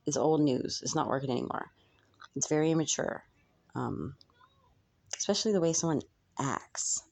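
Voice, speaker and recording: A woman's voice: sits low, dark tone. A young woman channeling messages for her viewers in a spiritual reading, musing aloud with frequent ums and hesitations.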